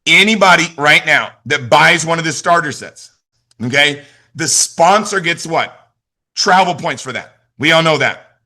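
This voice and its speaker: A middle-aged man leading a motivational team call, energetic and repetitive, asking questions and answering them himself. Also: on the high side, unhurried. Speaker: team leader and youth football coach.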